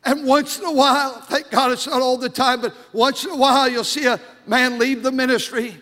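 High-voiced older pastor preaching with fervor. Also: male voice, steady tone, normal speed. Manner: fervent preaching, rising to shouted emphasis. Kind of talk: sermon. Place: church sanctuary. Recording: long hall reverb.

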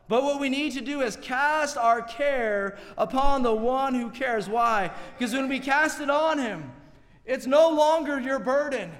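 A man preaching a sermon with fervor, stumbling over and repeating words, swinging between loud and hushed. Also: very high-pitched, measured pace. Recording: long reverb of a large hall.

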